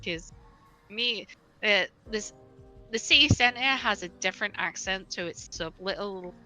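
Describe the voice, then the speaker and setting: A woman chats casually, rambling and restarting her sentences. Her voice is bright and forward, with mid-height pitch. Faint game music plays underneath. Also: measured pace, poor audio. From England. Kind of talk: casual chat while gaming.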